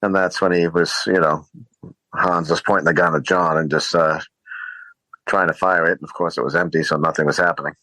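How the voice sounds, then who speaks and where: Low voiced podcast guy, lots of uhs, walking through a movie scene, dry. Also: steady tone, a little fast, pushed and bright, dry recording, poor audio. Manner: retelling scenes, hesitant with fillers. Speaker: podcast co-host. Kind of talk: casual movie chat.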